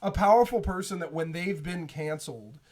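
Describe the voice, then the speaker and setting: A man's voice: high-pitched, normal speed, a little mellow. A man co-hosting a podcast in brash, profane casual chat, often mimicking people. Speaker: podcast co-host.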